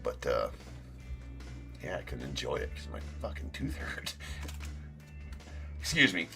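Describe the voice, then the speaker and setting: A man's voice: very deep voice, huge pitch swings, slow pace, creaky, music in the background. A man hosting a live-stream card break, talking loosely and casually, swearing and then jokingly apologizing. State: sore tooth.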